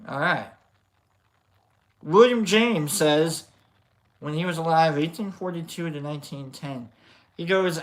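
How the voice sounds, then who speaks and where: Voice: mid-range voice, a little slow, long pauses. A stream host reading a philosophy book aloud, stopping to repeat and stress phrases and to make jokey asides to the chat.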